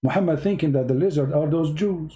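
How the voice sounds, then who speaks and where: A man's voice: fairly high pitch, fairly quick, mellow. A man giving mocking, emphatic religious commentary in non-native English, full of sarcasm. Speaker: religious debater.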